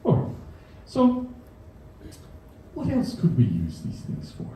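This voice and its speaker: An Australian man gives a comedy science talk on stage before a live audience, with dry, self-deprecating humor and chuckles at his own jokes. His high, warm voice swoops wildly in pitch and moves slowly. The echoey hall is picked up by a distant mic, with slight background noise.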